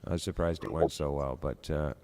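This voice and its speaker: A man with a very low, deep voice, chatting casually on a live stream. He rambles and restarts his sentences, padding them with fillers. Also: fairly even intonation, a little fast, a little mellow. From Canada. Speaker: guest streamer. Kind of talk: casual chat.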